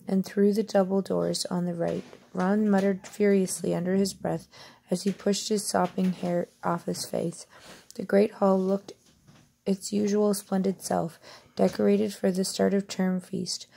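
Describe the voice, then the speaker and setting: A woman's voice: mid-range voice, level tone, measured pace, creaky, dark tone. A woman reading a novel aloud in an unpolished way, often stumbling and restarting words. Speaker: reader.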